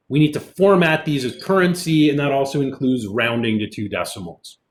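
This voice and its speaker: In a recorded online lecture with a screen demo, a college instructor walks through programming in a relaxed way, talking it out with fillers. His voice sits in the mid range, and keyboard typing can be heard behind him.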